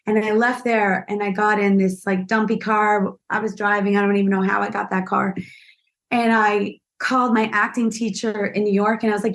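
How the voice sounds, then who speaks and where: Chatty actress telling stories. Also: female voice, mid-range voice, normal speed. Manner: lively, self-deprecating anecdotes. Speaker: actress guest. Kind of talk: podcast interview storytelling.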